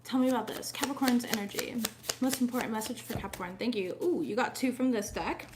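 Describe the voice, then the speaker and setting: High-voiced chatty woman tarot reader. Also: fairly quick, slight background noise. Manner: chatty, profane, laughs often. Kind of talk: casual tarot reading.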